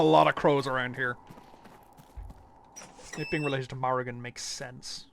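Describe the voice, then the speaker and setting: A man's voice: medium pitch, fairly even intonation, a little slow, vocal fry, long pauses, faint music behind. A man streaming a detective game, casually thinking aloud and muttering through clues. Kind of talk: casual live-stream commentary.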